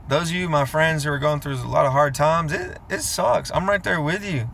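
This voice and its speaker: A man's voice: a little high, normal speed, gravelly, a bit bright, slight background noise. A man in his thirties giving an earnest, rambling, emotional confessional vlog monologue, recorded in a vehicle. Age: 30s.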